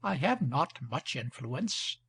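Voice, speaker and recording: Man reading a baroness, dry n skeptical, husky voice, pitch all over. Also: very animated, slow pace, a bit bright, heavily acted. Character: sharp-tongued aristocratic baroness, woman.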